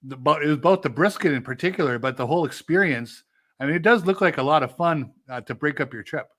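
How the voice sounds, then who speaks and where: A man co-hosting a casual sports podcast, asking relaxed, teasing questions. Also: fairly high pitch, quick pace.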